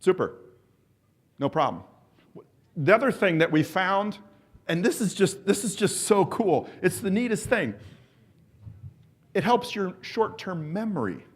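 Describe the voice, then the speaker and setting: A man's voice: high-pitched, sing-song, unhurried, pauses often. A middle-aged man presenting at a symposium, leading the audience through an exercise drill, coaxing them along and calling out countdowns with enthusiasm. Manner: enthusiastic, encouraging, coaxes the audience; calls out countdowns and cues to the group.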